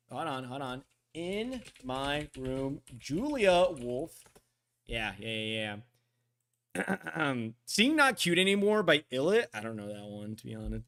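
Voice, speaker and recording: This male streamer's voice is fairly high and a bit bright. Chatting loosely with his live audience, he reads out their messages, fills his rambling with verbal fillers, keeps apologizing and curses casually.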